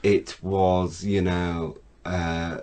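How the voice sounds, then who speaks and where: A man's voice: low-pitched, little pitch movement, extremely slow, a little mellow, smooth. A man giving playful, hesitant opinions in a casual podcast chat about films. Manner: hesitant, lots of fillers, playful. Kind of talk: casual film review chat.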